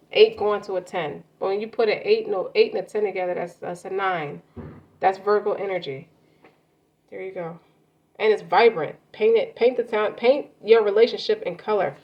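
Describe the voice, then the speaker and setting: A woman's voice: mid-range voice, fairly quick. A woman giving a casual tarot card reading, talking loosely with slang and swearing. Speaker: tarot reader. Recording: muffled lo-fi audio with faint noise.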